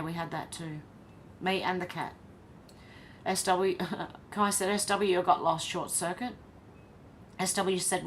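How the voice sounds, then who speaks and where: An Australian woman with a somewhat low voice hosts a casual live stream. She reads each viewer comment aloud and then answers it in easy, chatty talk. A faint hum of noise sits behind her voice. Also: a bit bright.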